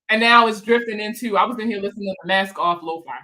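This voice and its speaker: A woman's voice: mid-range voice, fast talker, hardly any pauses, bright, forceful tone, rough recording. A woman hosting a casual livestream chat, slangy and swearing freely, laughing often as she reads viewer comments aloud and answers them. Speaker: financial counselor hosting a live chat.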